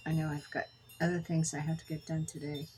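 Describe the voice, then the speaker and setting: Chatty lower-voiced woman crafting. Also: flat delivery, fairly quick, a little mellow, slight background noise, low-quality recording. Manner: chatty storyteller, rambling with self-corrections. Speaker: jewelry crafter. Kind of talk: casual crafting vlog chat.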